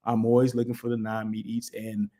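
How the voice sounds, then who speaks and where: A man's voice: lowish voice, completely flat delivery, fairly quick, mellow. A man hosting a live daily show, chatting casually in a rambling way with lots of asides and restarts. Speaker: host. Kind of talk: casual livestream chat.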